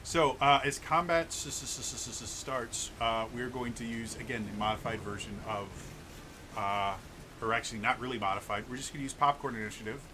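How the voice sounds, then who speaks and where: A man narrating a tabletop game as game master, halting often and repeating words. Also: medium pitch. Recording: noisy home mic.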